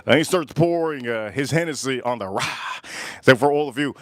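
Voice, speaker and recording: A man's voice: mid-range voice, normal speed, no echo. An American man hosting a casual live stream at his backyard grill, rambling and repeating himself with lots of fillers. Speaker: livestream host.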